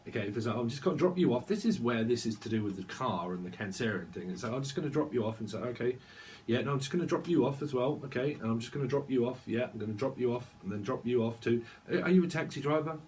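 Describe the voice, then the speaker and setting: A man's voice: medium pitch, expressive, fast talker, a little mellow, slight background noise. A man giving a channelled tarot reading, rambling and free-associating, laughing now and then. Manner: rambling, free-associating, sings snatches of songs. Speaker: tarot reader.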